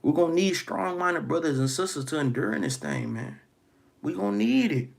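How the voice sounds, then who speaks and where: Gravelly, husky preaching man. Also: on the high side, big pitch swings, moderate pace. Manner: preaching with frequent "man" and "guess what". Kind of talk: street-style scripture teaching.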